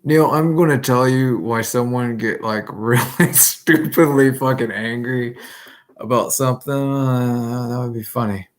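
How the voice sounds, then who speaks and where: A man rambling to himself, swearing often, laughing and swinging between loud outbursts and low muttering. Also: a little slow. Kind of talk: rambling solo talk. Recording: echoey room, mic far off.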